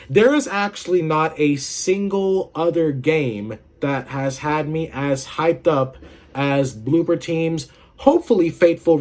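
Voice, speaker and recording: A man's voice: on the high side, darkish tone. Profane rambling young man gaming host. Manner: rambling and profane, with many filler words. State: unwell with a headache. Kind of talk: casual video game commentary.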